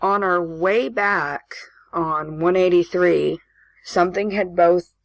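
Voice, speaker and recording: A woman's voice: on the low side, takes it slowly, creaky. A woman in her late twenties, a podcast co-host chatting casually, laughing often and acting out the voices in her stories. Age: late 20s. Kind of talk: casual chat, storytelling.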